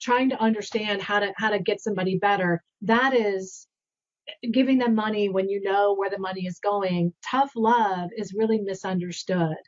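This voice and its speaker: A woman's voice: medium pitch, moderate pace, lo-fi sound. A woman speaking earnestly on a remote panel, stressing and repeating key phrases, over a video call.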